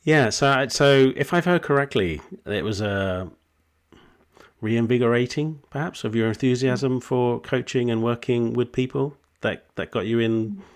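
A man hosting a podcast, talking reflectively and haltingly, with soft laughs between his thoughts. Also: medium pitch, clean tone. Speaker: podcast host. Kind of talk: conversational interview.

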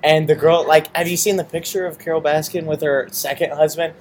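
A young man co-hosting a casual chat, telling stories in a profane, animated way and acting out quotes. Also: fairly high pitch, brisk, slight background noise. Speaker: podcast co-host.

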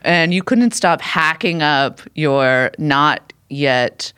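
A woman's voice: low-pitched, takes it slowly, a bit bright, clean tone, dry recording, clean studio sound. A woman co-hosting a podcast, wry and sarcastic in casual banter. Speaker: podcast co-host.

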